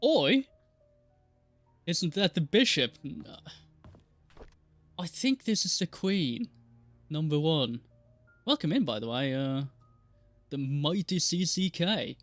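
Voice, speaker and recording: A man's voice: fairly high pitch, big pitch swings, takes it slowly, pauses often, fairly bright tone, no echo, soft background music. A man casually chatting while streaming a game live, rambling and joking with frequent laughs and the odd swear. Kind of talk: casual live gameplay chat.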